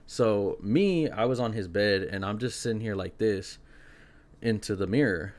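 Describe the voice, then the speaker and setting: Young guy on his podcast telling a creepy story, kinda low voice, animated, says "like" a lot. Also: moderate pace. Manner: animated, fillers like "like" and "yo". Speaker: podcast host. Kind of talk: casual spooky storytelling.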